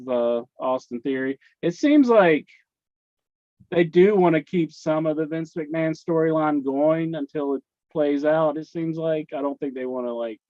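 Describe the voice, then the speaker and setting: A man co-hosting a casual podcast chat, conversational and trailing off softly at times. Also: on the high side, no echo. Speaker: podcast co-host. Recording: dull, dry lo-fi sound.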